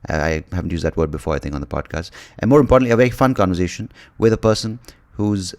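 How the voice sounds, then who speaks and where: A man's voice: low-pitched, quick pace, gravelly, darkish tone. A young man, hosting a comedy podcast with a profane, sardonic storytelling manner. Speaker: comedian host. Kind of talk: stand-up style monologue and podcast intro.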